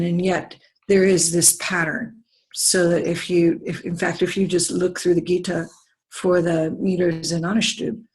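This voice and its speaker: A student hesitantly working through a question about poetic meter, with many pauses and fillers. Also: mid-range voice, rough recording. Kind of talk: asking questions in class.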